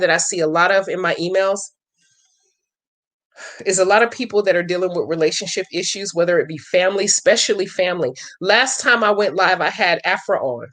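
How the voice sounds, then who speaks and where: A woman's voice: on the low side, fairly bright tone. A woman hosting a question-and-answer vlog, chatting in a blunt, profane way and telling stories full of examples. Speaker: channel host answering viewer questions. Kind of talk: casual vlog talk.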